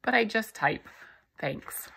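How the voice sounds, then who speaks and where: A woman reading a novel aloud in the first person, in a steady storytelling manner. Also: mid-range voice, moderate pace, gravelly, breathy edge, poor audio. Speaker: audiobook narrator.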